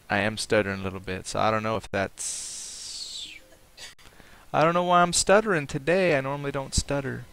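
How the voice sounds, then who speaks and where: A man's voice: medium pitch, creaky, fairly bright tone, clear, resonant tone. A man streaming a game live, chatting casually, thinking aloud and reading out viewers' comments. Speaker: livestream gamer.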